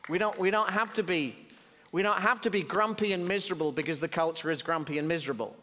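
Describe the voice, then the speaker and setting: British pastor preaching in a reverberant hall. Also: male voice, sits high, quick pace, pushed and bright. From Britain. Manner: conversational preaching with humorous asides. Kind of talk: sermon.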